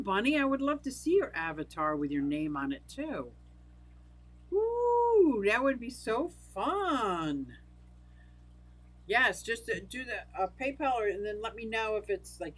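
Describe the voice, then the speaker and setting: A woman's voice: medium pitch, low-quality recording. An older woman hosting a livestream, chatting casually, laughing often and answering viewers by name. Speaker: livestream host. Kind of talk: casual livestream chat reading comments.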